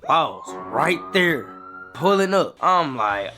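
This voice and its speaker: A young man, telling a rambling, slangy storytime to his viewers that grows animated as he retells it. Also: on the high side, takes it slowly, soft background music. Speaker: vlogger. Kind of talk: casual storytime.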